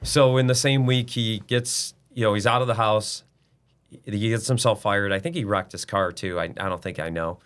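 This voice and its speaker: 低沉直率的中年男人. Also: male voice, fairly low pitch, moderate pace, a bit bright, clean tone. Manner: blunt and emphatic, with mild swearing. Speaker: business owner guest. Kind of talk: casual interview talk.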